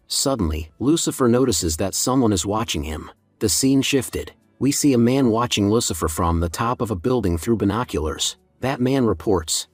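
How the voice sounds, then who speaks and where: A man giving scripted narration of a comic story in a steady, brisk manner. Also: on the low side, breathy edge, no room sound, soft background music. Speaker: recap narrator.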